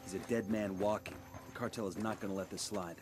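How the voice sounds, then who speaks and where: A man as a blunt, fast-talking soldier. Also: lowish voice, steady tone, darkish tone, soft background music, lightly acted. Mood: matter-of-fact. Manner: clipped, matter-of-fact. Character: terse special-forces operator, calm, blunt.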